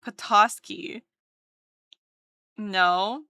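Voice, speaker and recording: A woman's voice: mid-range voice, very slow, bright, forceful tone, no room sound, clean studio sound. A woman streamer chatting casually with her live chat while drawing, playful and teasing, often repeating words.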